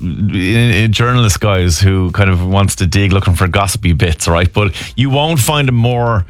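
A man's voice: low voice, normal speed, no room sound. A middle-aged Irish man interviewing a guest in a chatty, enthusiastic way. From Ireland. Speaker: journalist interviewer.

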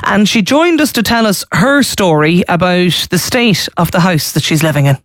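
A woman with an Irish accent presenting a radio phone-in show, gently prompting and reassuring her callers. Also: lowish voice, lively intonation, moderate pace, no room sound, clean studio sound. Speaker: radio talk show host.

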